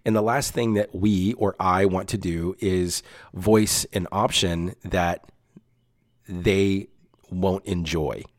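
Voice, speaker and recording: A man giving casual workplace and life advice in a folksy, chatty way, with frequent self-corrections and asides. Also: deep voice.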